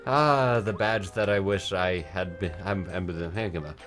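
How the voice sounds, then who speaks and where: A man's voice: sits low, a little slow, a bit bright, soft background music. A man from France riffing and laughing while commenting on a video game with a friend. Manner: joking, giggly, riffing on quotes. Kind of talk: let's play commentary.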